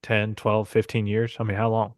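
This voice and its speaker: A man's voice: fairly low pitch, completely flat delivery, moderate pace, no echo, studio quality. A man hosting a podcast, joking and bantering easily with his guest. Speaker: podcast host. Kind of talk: casual interview chat.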